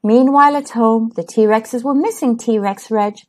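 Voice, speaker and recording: A woman reading a rhyming children's picture book aloud, expressive and sing-song. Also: a little high, a little slow. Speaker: children's storyteller.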